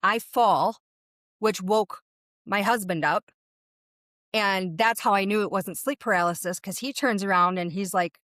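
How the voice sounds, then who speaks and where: A woman who works as a medium appears as an interview guest, recounting a personal experience at a middle pitch with a fairly bright tone. Her vivid telling speeds up and slows down with the story, and the sound is dry and close, with no echo.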